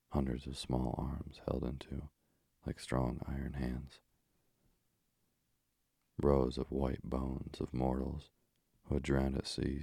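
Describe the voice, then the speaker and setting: Man reading a fairy tale slow, super deep voice, husky and dry. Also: mellow, dry recording. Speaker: narrator.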